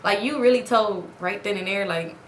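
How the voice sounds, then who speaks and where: Speaking in a mid-range voice at a normal pace, a woman vlogger animatedly recounts a story to her audience, switching to a raised voice whenever she quotes someone. The setting is her home at night under a ring light, and the audio is reverberant with a little hiss or hum.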